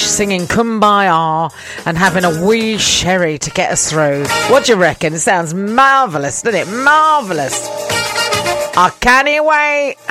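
An older woman hosting a local radio show, chatty, rambling and self-mocking, laughing often. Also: deep voice. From southern England. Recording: radio broadcast with music behind.

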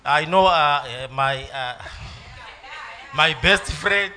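A man's voice: on the high side, slow, sharp tone, slight background noise. A man giving an emotional, storytelling church testimony. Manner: storytelling, emotional, laughing at times.

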